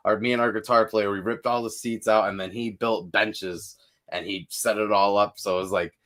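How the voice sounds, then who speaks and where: A young man from the northeastern US, a metal band's singer, chatting casually on a podcast, rambling through road stories with swearing and sudden animated outbursts. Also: lowish voice, normal speed. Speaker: metal band vocalist, guest.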